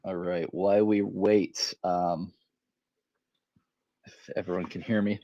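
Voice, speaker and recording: A man talking casually as co-host of a live audio chat, making a relaxed, rambling pitch for a fundraiser. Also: takes it slowly. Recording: dull, lo-fi online audio.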